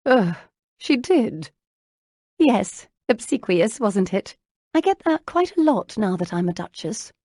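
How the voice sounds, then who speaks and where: A woman narrating an audiobook, voicing an eager and excitable young duchess who talks in breathless, gushing exclamations. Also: mid-range voice, slow pace, no echo, studio quality, pitched above the performer's own voice. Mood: impatient.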